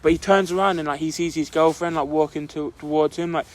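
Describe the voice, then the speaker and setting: A man's voice: fairly high pitch, steady tone, quick pace. A young man telling a story on a casual podcast, rambling and full of "like" fillers.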